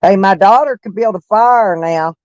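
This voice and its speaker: A man's voice: sits high, normal speed, dry recording, dull audio. A middle-aged man, chatting casually and rambling on a livestream, laughing often. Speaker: live streamer. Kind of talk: casual livestream chat with viewers.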